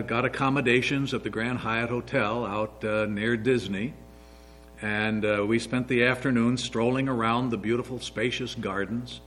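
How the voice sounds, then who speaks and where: A man's voice: mid-range voice, fairly bright tone, a little hiss or hum, low-quality recording. A man in his sixties giving an earnest, story-filled sermon as a pastor. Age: 60s.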